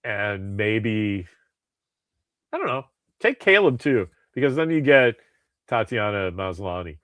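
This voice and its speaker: A very animated podcast co-host with a fairly low pitch and fairly bright tone takes it slowly. The clean studio sound has no echo, and his casual chat meanders with restarts and swearing.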